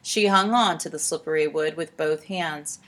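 A woman narrating a storybook aloud in a steady, expressive way. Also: sits low. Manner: steady, expressive, slows for tense moments.

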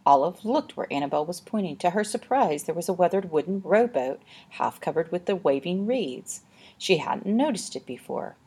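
A woman narrating a storybook aloud in a steady, expressive way. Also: lowish voice, slightly rough. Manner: steady, expressive, slows for tense moments.

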